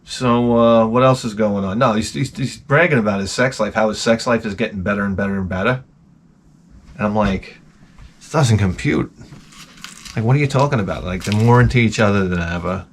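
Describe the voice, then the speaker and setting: A man's voice: fairly low pitch, fairly quick, slight background noise. Profane middle-aged man ranting. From Long Island, New York. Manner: profane, animated storytelling with many restarts. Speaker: host. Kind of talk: rambling comic monologue.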